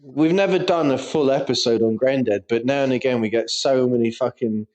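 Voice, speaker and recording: A man's voice: medium pitch, fairly quick, darkish tone. A young man co-hosting a podcast, chatting casually and swearing through stories and banter. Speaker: podcast co-host. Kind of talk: casual chat.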